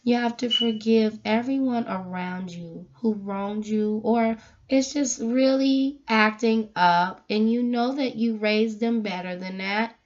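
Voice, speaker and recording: A woman vlogger giving a casual spiritual talk, animated and emphatic as she tells stories. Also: fairly high pitch, slow. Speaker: vlogger giving a faith message. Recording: dull lo-fi recording.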